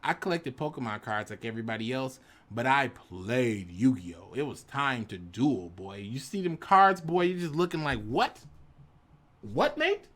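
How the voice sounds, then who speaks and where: A man telling a personal story in an animated, casual way, sometimes jumping into dramatic voices. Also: mid-range voice, moderate pace. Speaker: YouTube storyteller.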